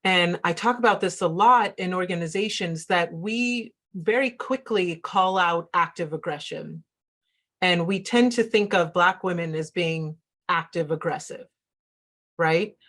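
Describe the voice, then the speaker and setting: A woman's voice: on the low side, measured pace, a bit bright. A woman hosting and moderating a panel discussion, thoughtful and searching for her words as she poses questions. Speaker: host and moderator.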